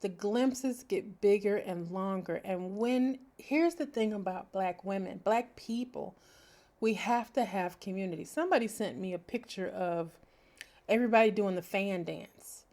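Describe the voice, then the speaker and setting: A woman's voice: mid-range voice, measured pace. A middle-aged woman hosting her own podcast, talking reflectively and expressively. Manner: expressive, animated, breaks into laughter and sings snatches. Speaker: podcast host. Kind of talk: reflective solo podcast talk.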